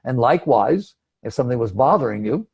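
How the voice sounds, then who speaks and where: A man's voice: mid-range voice, animated, a little fast, creaky, darkish tone, slightly rough, muffled recording. A man giving a conversational spiritual talk, emphatic and acting out inner thoughts. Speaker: spiritual teacher.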